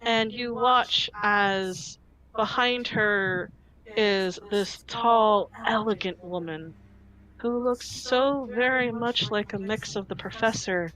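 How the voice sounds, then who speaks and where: A woman running a tabletop game as game master, narrating scenes in detail. She speaks slowly and descriptively at a middle pitch, with frequent filler ums. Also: fairly bright tone, poor audio.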